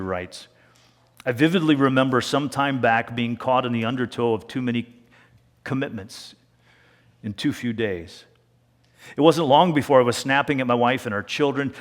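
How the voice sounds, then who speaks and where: A man preaching a sermon as pastor, talking in a conversational way and slowing down to a hush for emphasis. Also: mid-range voice. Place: church sanctuary. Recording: long reverb of a church hall.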